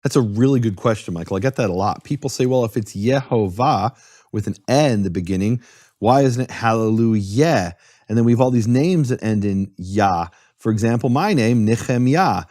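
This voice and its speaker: A man's voice: lowish voice, brisk, warm tone, no room sound, studio quality. A man giving an earnest, step-by-step explanation in a conversation, spelling out terms as he goes. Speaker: guest explaining Hebrew.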